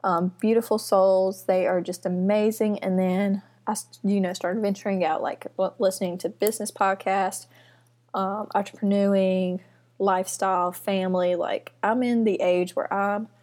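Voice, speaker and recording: A young woman hosting her first solo podcast from her apartment, chatting in a rambling, nervous and excited way with lots of fillers. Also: medium pitch, normal speed. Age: young adult. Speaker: podcast host. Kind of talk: casual solo podcast chat. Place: student apartment. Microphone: computer mic.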